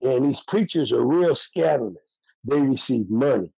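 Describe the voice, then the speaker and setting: An older man talks bluntly in a candid interview, streetwise and heated. His voice is gravelly and dark with a husky edge. The sound is close and dry. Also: mid-range voice, animated, normal speed, dry recording, poor audio. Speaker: interviewee, former prisoner.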